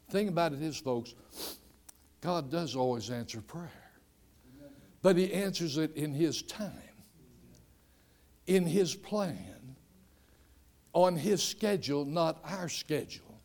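Older preacher with a high voice. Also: male voice, measured pace. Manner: storytelling, swings from soft asides to shouted emphasis. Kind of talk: sermon.

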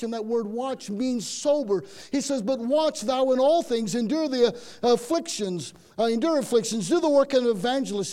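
A man's voice: extremely high pitch, mellow. A man preaching a sermon, folksy and emphatic, repeating himself and often saying "man". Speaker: pastor.

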